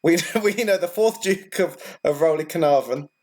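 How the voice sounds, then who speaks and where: A man serves as game master for a tabletop role-playing game. He talks in a halting, good-humoured way, with plenty of ums and restarts. He laughs often along with his players. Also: fairly high pitch.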